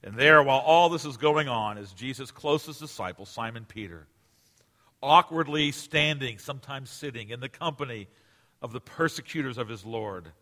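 A man in his forties preaching a sermon as pastor, emphatic, swinging between loud declarations and hushed asides. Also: medium pitch, expressive, normal speed. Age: 40s. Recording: long reverb of a large hall.

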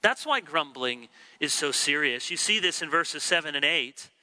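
A middle-aged man preaching a sermon, acting out the complaints he quotes with lively swings in pitch and volume. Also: moderate pace. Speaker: pastor.

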